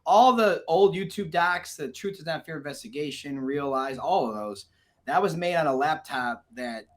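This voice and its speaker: A man guest on a podcast, telling stories in casual chat, animated, laughing often and swearing freely. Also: a little high, normal speed. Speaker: podcast guest, documentary filmmaker.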